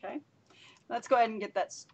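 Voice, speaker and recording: A woman's voice: on the high side, fast, darkish tone, a little hiss or hum. A woman co-hosting a casual live stream, bubbly and talkative with frequent giggles.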